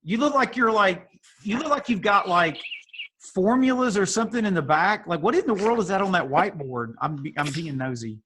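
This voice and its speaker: A man with a somewhat high voice hosts a casual video call. He talks in a playful, teasing way and drifts into chatty asides. The sound comes through a video call mic. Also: lively intonation, a little fast, bright, forceful tone, a little hiss or hum. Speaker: youth group leader.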